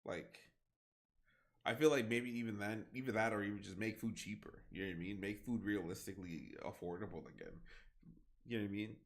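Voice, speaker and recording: A man in his twenties streaming a game, reading aloud haltingly and then rambling loosely with lots of fillers. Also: on the low side, expressive, creaky. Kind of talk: casual livestream commentary while gaming.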